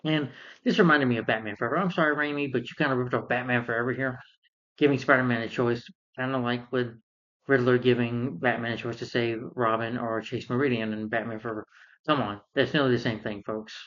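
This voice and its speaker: A man's voice: mid-range voice, fairly even intonation, a little fast, a bit bright, lo-fi sound. A man giving a rambling, casual recap of a film as a reviewer. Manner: rambling, with fillers.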